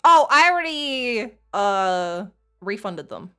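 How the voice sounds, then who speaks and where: A woman streamer with a light Australian accent and a lively, swooping voice. She chats casually to her viewers and laughs easily as she fixes tech problems. Faint music sits behind her. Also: mid-range voice, slow pace, smooth. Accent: Australian, mild. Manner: chatty, laughs often, talks to chat while fixing tech. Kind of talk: casual live-stream chat.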